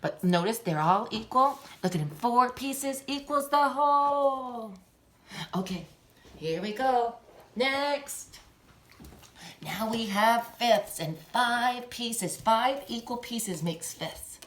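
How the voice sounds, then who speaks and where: A young adult woman teaching a playful classroom lesson on video, animated and teasing, laughing often. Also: fairly high pitch, slow pace, a little hiss or hum.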